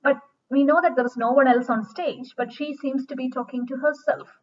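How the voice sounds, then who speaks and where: A woman giving a recorded literature lecture, reading verse aloud slowly and dramatically, then explaining it with much repetition. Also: high-pitched, steady tone. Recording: dull distant recording.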